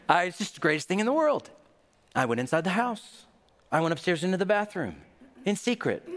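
A man preaching a sermon, telling a childhood story with acted-out voices and a lively delivery. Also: high-pitched, brisk. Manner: animated storytelling with acted-out quotes. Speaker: pastor. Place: large hall. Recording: reverberant hall.

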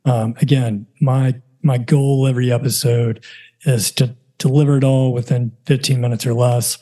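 A man's voice: mid-range voice, flat delivery, normal speed, mellow. A middle-aged man and father hosting his own podcast, talking casually in a self-deprecating, joking, rambling way from his home setup. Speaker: podcast host. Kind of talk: casual solo podcast talk.

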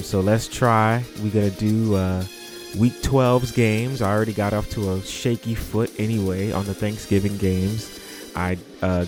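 A man hosting a casual podcast, who repeats words for emphasis. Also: lowish voice. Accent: New York. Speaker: podcast host.

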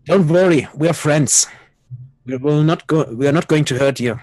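A man playing an adventurer who speaks soothingly to calm a frightened stranger. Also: fairly high pitch, normal speed, no room sound, pitched above the performer's own voice, close to an everyday voice, rough recording. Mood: reassuring. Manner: soothing, reassuring.

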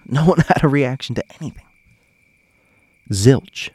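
This man's podcast chat is casual and animated, addressed directly to his listeners and sprinkled with chuckles as he tells stories. His medium-pitched voice is husky and a little mellow, with lively intonation, an unhurried pace, and no echo.

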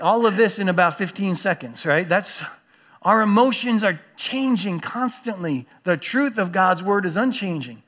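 A man's voice: high-pitched, expressive, moderate pace, fairly bright tone. A man preaching a sermon as a pastor, earnest and emphatic, repeating phrases for weight.

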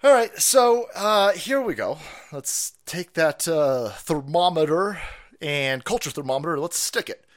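A man's voice: a little high, animated, measured pace. A man hosting a livestream, ranting in a foul-mouthed, mocking way. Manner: loud, mocking, swings between mutters and yells. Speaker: livestream host. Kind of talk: foul-mouthed political rant.

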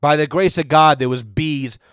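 A man's voice: on the high side, normal speed, a bit bright, smooth, no echo, clean studio sound. Profane ranting man. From Rhode Island. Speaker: podcast host. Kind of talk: casual monologue.

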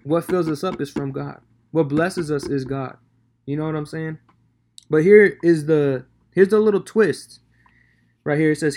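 A man's voice: on the high side, unhurried, darkish tone. A man giving a casual devotional talk on scripture, slangy and conversational with many fillers. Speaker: devotional speaker.

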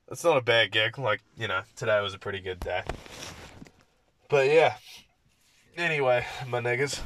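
A man's voice: mid-range voice, fairly bright tone, slight background noise. A young man hosting a podcast, telling rambling stories in casual talk full of swearing. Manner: profane, rambling storyteller. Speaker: podcast host. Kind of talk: casual monologue.

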